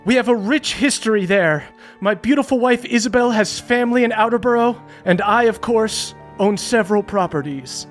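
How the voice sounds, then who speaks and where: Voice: mid-range voice, normal speed, faint music behind, pitched above the performer's own voice, lightly acted. A game master voicing a pompous aristocratic male politician who makes grandiose speeches.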